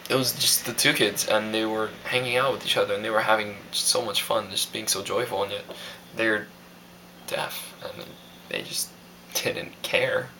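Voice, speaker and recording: A man's voice: on the low side, little pitch movement, brisk, bright, forceful tone, a little hiss or hum, poor audio. A young man from Hawaii recording a casual video diary, rambling and hesitant with lots of fillers. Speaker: vlogger.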